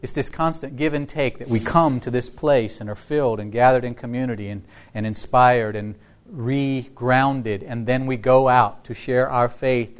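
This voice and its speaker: A man preaching a sermon as a Lutheran pastor, telling stories conversationally with frequent restarts. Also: mid-range voice.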